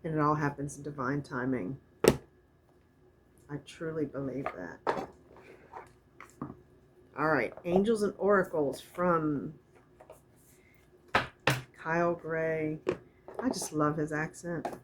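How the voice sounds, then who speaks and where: A middle-aged woman gives a casual spiritual oracle card reading, speaking softly and meanderingly and reading the card texts aloud slowly. Her voice sits low, and the recording is very noisy.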